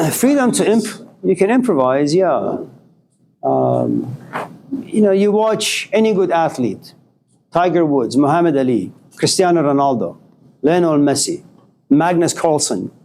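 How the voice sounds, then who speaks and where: A man's voice: fairly high pitch, unhurried, a little hiss or hum. A male philosophy professor giving a classroom lecture, telling stories and acting out talks with students. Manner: animated storytelling, acting out dialogues with students.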